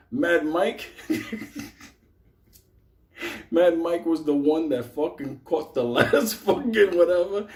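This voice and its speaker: A man's voice: medium pitch, a little mellow. Profane, laughing New storyteller man. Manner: profane, rambling, laughs between lines. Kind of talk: live comedic storytelling to an audience.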